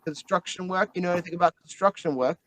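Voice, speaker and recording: A swearing, rambling male book spirit with a put-on Australian accent, as a game master puts him on, pitched well above the man's own voice. He calls everyone mate. It is a tabletop game character voice, dry and close to the mic. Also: fairly even intonation, fast talker, a bit bright, no echo, poor audio. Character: crude, chatty male spirit trapped in a book.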